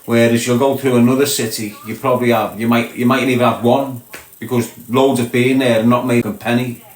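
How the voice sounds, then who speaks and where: A man's voice: mid-range voice, level tone, brisk. A man with a Scouse accent chatting bluntly to his livestream viewers, calling them lad and mate. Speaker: livestream host. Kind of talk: casual chat to viewers. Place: small box room indoors. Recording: roomy echo.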